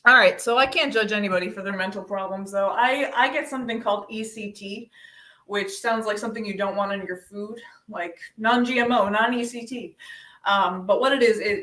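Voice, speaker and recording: A young woman doing a deadpan stand-up set over a video call, with many ums. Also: medium pitch. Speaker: stand-up comedian. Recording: echoey room, distant from mic.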